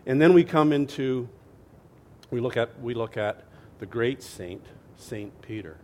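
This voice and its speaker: A man preaching a sermon as a lively storyteller, swinging from loud to hushed and often asking his listeners "right?". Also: mid-range voice, unhurried. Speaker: pastor.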